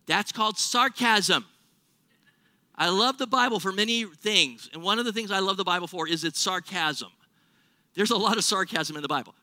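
Animated preacher man, bright dry voice. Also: high voice, normal speed, no room sound. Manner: conversational and animated, with sarcastic acted-out quotes. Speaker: pastor. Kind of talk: sermon.

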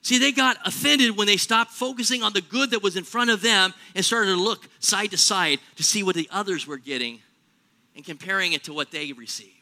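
A man preaching a sermon in a church, animated, acting out little everyday scenes in other voices. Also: sits high, a little fast. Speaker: pastor.

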